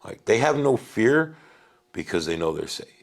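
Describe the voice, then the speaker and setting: A man telling family stories in a casual chat, animated, acting out his kids' lines and often calling the listener "bro.". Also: fairly low pitch, moderate pace. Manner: animated, swears, says "bro" a lot. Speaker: podcast guest. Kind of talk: casual storytelling.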